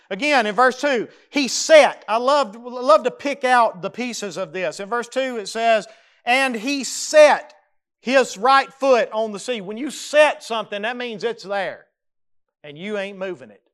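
A man's voice: extremely high pitch, expressive, a little slow, fairly bright tone. A man preaching a sermon. He speaks emphatically, repeats key phrases and adds folksy asides. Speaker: pastor.

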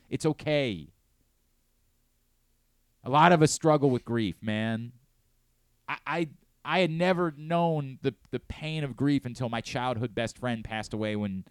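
A man's voice: medium pitch, clear, resonant tone, no room sound. A man in his late thirties hosting a sports talk radio show, talking earnestly and candidly, often restarting his sentences. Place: radio studio. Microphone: close studio mic.

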